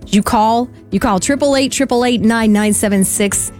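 Mom on a radio fundraiser, earnest and heartfelt, soft music playing behind. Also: female voice, a little high, normal speed. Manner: earnest and heartfelt, laughs easily. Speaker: radio fundraiser co-host and parent. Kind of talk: on-air fundraising appeal, personal story.

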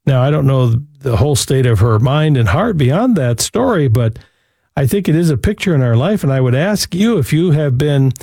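A man's voice: medium pitch, lively intonation, moderate pace, vocal fry, mellow, no echo, studio quality. A man hosting a Christian call-in radio show, speaking in an earnest, preacherly way. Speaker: host.

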